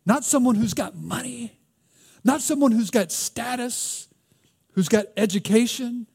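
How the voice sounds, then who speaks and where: A man's voice: very high voice, unhurried, vocal fry, darkish tone, breathy edge. A man with a Southern US accent preaching a conversational sermon, reading scripture and asking rhetorical questions.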